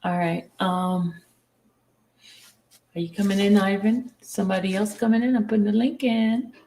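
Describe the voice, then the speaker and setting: A woman's voice: mid-range voice, fairly even intonation, normal speed, mellow. Chatty woman live streaming from home. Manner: chatty, teasing, calls out to viewers. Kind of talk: casual live chat. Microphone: headphones with mic. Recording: roomy echo.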